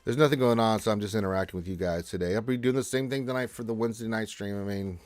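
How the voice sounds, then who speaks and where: A man's voice: on the low side, quick pace, darkish tone, no room sound. A man hosting a gaming livestream, casually reading viewer messages aloud and answering them in a laid-back way. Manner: laid-back, reads chat aloud in a lifted voice. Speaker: livestream host reading chat.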